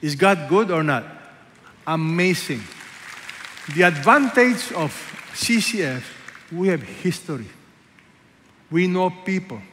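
A man preaching a sermon as a pastor, asking the congregation rhetorical questions and swinging between loud emphasis and hushed asides. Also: sits high, expressive, slow pace, long pauses, a little hiss or hum. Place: large church hall. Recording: echoey church hall, faint ambience.

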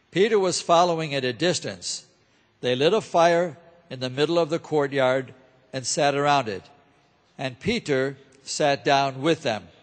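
A man narrating a scripture reading in a steady, solemn way, in a large church. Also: mid-range voice. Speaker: reader. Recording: echoey church hall.

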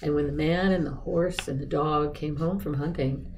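A storyteller reading a classic storybook aloud, calm and rhythmic. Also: mid-range voice, creaky, a little hiss or hum, rough recording. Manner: calm, measured, rhythmic telling.

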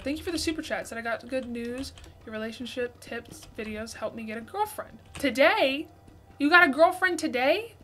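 Young woman streaming a game, chatty. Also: a little high. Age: 20s. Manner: reads out viewer messages, thanks gifters excitedly. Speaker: livestream host. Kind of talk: casual livestream gaming chat.

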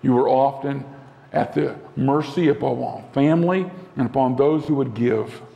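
A male pastor delivering a sermon in an earnest way, slowing down and dropping to a soft voice for emphasis. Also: medium pitch, creaky, muffled recording. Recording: long hall reverb.

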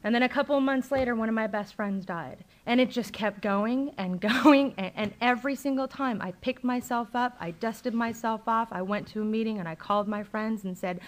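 A woman's voice: on the high side, moderate pace, hardly any pauses. Candid young woman telling her recovery story. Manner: candid and emotional, with frequent fillers. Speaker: speaker at a recovery meeting. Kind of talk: personal recovery story told to a meeting.

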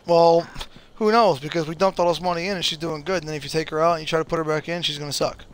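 A man's voice: a little high, fairly even intonation, fast talker, a little hiss or hum. A man chatting casually while playing an online shooter with a friend, talking through his day and trash-talking between kills. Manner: chatty, trash-talking, yelps when he scores. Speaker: gamer streaming with a friend. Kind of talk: casual gaming chat.

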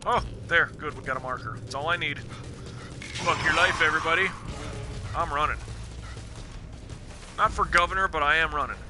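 A man's voice: on the high side, brisk, long pauses. Joking, cursing gamer man streaming. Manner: profane, joking, thinking aloud. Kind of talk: casual let's play commentary. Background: game music.

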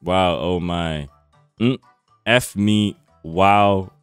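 Slangy young streamer, lowish voice. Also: male voice, very slow, smooth, no echo, soft background music. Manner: slangy, swearing, mocking, bursts into loud laughter. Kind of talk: reacting to viewer chat messages.

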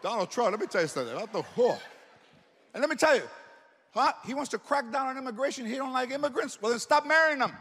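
A man doing stand-up comedy, loud and profane, with Spanish words mixed into his jokes. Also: extremely high pitch, expressive, quick pace. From United States. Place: large comedy venue. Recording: live show with crowd noise.

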